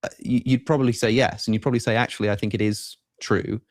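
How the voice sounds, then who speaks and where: A British man talks through a philosophical argument in a fairly low voice. He moves quickly but stumbles and repeats words as he reasons. The recording is dry. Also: fairly even intonation, no echo, soft background music. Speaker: debate guest in reviewed clip.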